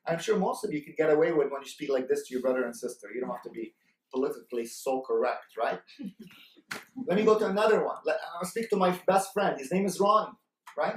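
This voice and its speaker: A man's voice: a little high, animated, fairly quick, a little hiss or hum. A man giving a sales training talk, coaching the listeners and repeating his key points while often checking in with "right?". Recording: roomy echo, mic far off.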